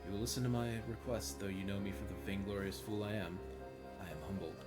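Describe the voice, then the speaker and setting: A man's voice: lowish voice, fast talker, over loud music, natural voice. A man reading the lines of a remorseful older male bard in formal, old-fashioned speech. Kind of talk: reading game dialogue aloud.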